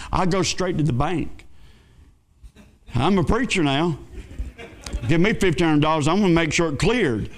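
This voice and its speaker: A male pastor, telling a folksy story in a sermon with dramatic swings between excited and hushed. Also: a little high, measured pace, long pauses.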